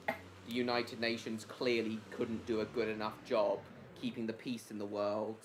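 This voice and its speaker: A man's voice: medium pitch, a little hiss or hum. A man hosting a casual live stream, rambling and answering viewers by name mid-sentence, with lots of basically and reckon.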